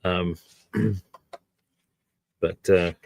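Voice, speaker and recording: A man's voice: low voice, steady tone, drawn-out words, vocal fry, darkish tone, dry recording. A man hosting a crafting stream, chatting in a meandering, self-deprecating way while he works at his home craft table. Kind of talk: casual chat while crafting.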